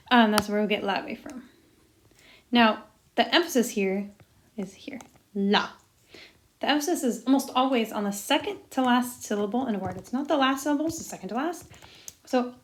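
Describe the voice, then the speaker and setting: A young woman teaches a recorded lesson in a chatty, jokey way. Her voice sits a little high, and she mutters quiet asides to herself as she writes. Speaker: Spanish teacher.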